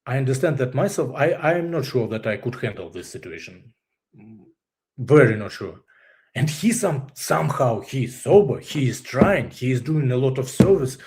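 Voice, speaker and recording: A man's voice: mid-range voice, animated, darkish tone. A man with a Russian accent speaks English as a second language, stopping often to hunt for the right word. He tells his own story openly as an interview guest, breaking into laughter along the way. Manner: halting, searches for English words, laughs often. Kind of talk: candid personal story.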